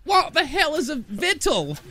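Man doing a loud folksy governor, drawling, high and lively. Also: a little slow, exaggerated voice. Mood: folksy bluster. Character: folksy gruff male Texas governor.

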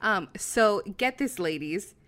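A woman's voice: mid-range voice, lively intonation, fairly bright tone. A young woman co-hosting a podcast in casual chat, swearing freely and laughing often. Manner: swears freely, laughs a lot, talks in quick bursts. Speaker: podcast co-host.

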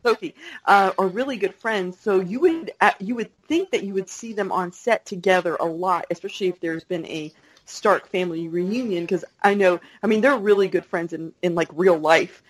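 A woman's voice: medium pitch, normal speed, low-quality recording. A woman co-hosting a casual fan podcast, rambling and hesitant with many ums. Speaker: podcast co-host.

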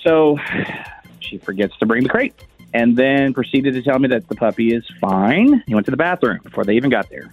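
A man's voice: mid-range voice, expressive, brisk, slightly rough, dry recording, lo-fi sound, soft background music. A man earnestly telling a radio show his grievance in casual chat, fired up and a little exasperated. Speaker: caller telling his story. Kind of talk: casual storytelling.

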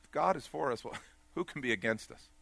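Bright-voiced preaching man, dry close sound. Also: lively intonation, brisk, creaky, breathy edge, no echo. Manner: swings between loud urgent peaks and quiet low asides. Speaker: pastor. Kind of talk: sermon.

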